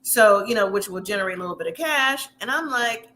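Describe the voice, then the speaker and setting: A woman's voice: medium pitch, lively intonation, sharp tone, slight background noise. A woman hosting a casual recap of a reality show, chatty and opinionated, talking straight to her viewers. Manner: slips into quick impressions of the people she describes. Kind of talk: casual episode recap commentary.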